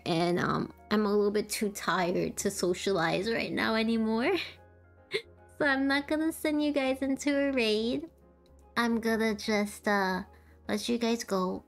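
Tired, slow-talking woman streamer. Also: medium pitch. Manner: tired, soft-spoken, laughs often. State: tired, sore throat. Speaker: VTuber streamer. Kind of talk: casual chat to a live chat.

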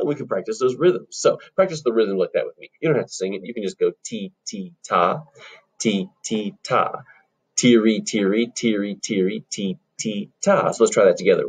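In a recording with the highs cut off, a male music teacher speaks at a moderate pace with animation, his tone darkish with a breathy edge. He teaches children in a friendly, encouraging way, explaining patiently and singing short phrases high up.

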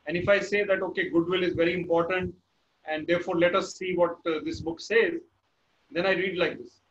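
A man in his forties with an Indian English accent, giving a measured lesson on public speaking as a motivational speaker, with deliberate pauses. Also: high voice, fairly bright tone, dull audio, a little hiss or hum.

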